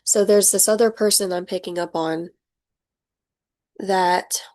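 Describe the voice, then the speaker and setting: A young woman giving a casual tarot reading, chatty and animated, laughing often and acting out the people she describes. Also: mid-range voice, unhurried. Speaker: tarot reader.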